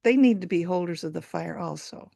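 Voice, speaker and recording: A woman's voice: fairly low pitch, lively intonation, a little fast, creaky, mellow, no room sound, clean studio sound. A woman voicing a determined male beaver in a told folk tale, earnest and solemn. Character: determined male beaver, bold then remorseful.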